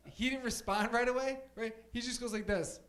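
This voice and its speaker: A man's voice: extremely high pitch, moderate pace, fairly bright tone. A young man doing a stand-up set on a comedy club stage, rambling casually and full of fillers.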